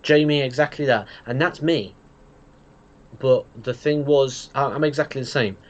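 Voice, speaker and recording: A relaxed man hosts a live darts watch-along, chatting casually and thanking viewers for their donations. His voice sits at a middle pitch. The audio sounds a little muffled and lo-fi. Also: normal speed. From England. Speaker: host. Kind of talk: casual live-stream chat.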